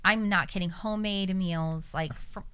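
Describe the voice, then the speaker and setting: Bright, animated woman telling stories. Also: normal speed, smooth. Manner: animated storyteller, acts out quotes in a high voice. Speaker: pastor on a church podcast. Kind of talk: casual podcast chat.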